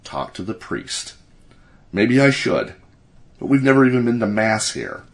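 A man's voice: mid-range voice, very animated, a little slow. A man voicing a troubled middle-aged father who speaks in a strained, hesitant way. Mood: worried.

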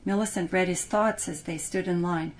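A woman narrating a story in an expressive, lively reading style. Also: on the low side, normal speed. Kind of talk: audiobook narration.

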